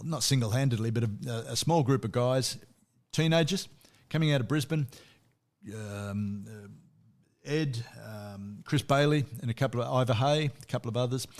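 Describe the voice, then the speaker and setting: A man chats easily about old bands, his voice sitting in a middle register. He rambles a little, restarting phrases and dropping in fillers as he goes. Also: medium pitch. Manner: relaxed storytelling with frequent fillers and restarts. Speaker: podcast host. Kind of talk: casual music podcast chat.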